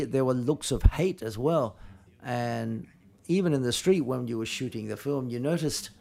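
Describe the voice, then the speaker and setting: A man answering questions at a film press conference, speaking haltingly and often restarting and correcting himself. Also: mid-range voice, creaky, a little mellow.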